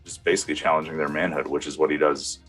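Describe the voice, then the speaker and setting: A man who was on a church security team recounts his experiences in an interview, storytelling with halting restarts. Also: rumbling low, flat delivery, a bit bright, slightly rough, soft background music.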